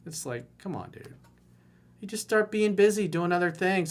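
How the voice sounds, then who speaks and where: A man's voice: high voice, expressive, normal speed. A man coaching on dating in a solo monologue, blunt, mocking and profane.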